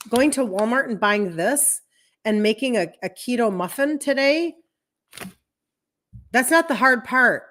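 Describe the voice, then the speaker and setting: A woman in her fifties, a health coach talking casually to viewers on a live stream, chatty and rambling, acting out what people said. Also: mid-range voice. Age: 50s. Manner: chatty and rambling, acts out quoted speech.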